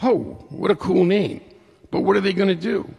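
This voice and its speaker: Storyteller: man, very gravelly and breathy-husky, animated delivery, echoing hall. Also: high-pitched, moderate pace, faint music behind. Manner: lively storytelling with acted-out quotes. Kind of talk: personal story told to an audience. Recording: long hall reverb.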